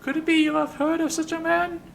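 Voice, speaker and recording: A man voicing an effeminate, heavy-set male messenger who speaks in a high falsetto with flowery, overly polite phrasing. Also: level tone, a little fast, gravelly, a little hiss or hum, poor audio. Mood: fawning.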